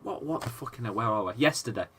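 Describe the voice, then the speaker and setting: A man's voice: medium pitch, lively intonation, fast, a bit bright, slight background noise. An English man in his thirties, sick and chesty, casually commentating a football match live and reading out viewer chat, swearing now and then. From England. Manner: chatty, swears, reads chat aloud between play calls. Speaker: football fan streamer.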